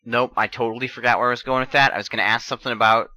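A man's voice: medium pitch, fairly even intonation, very fast, sharp tone, no room sound. A man in a casual chat, curious and asking questions.

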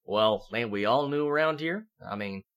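A man's voice: mid-range voice, moderate pace, dull audio, natural voice. A man doing a folksy mustached saloon barkeep. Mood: rambling. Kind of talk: tabletop game character voice.

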